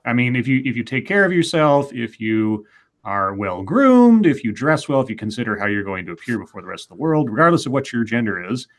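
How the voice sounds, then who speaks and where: A man's voice: mid-range voice, very animated, a little fast. A man co-hosting a casual podcast chat, reasoning things through with hedges and restarted sentences.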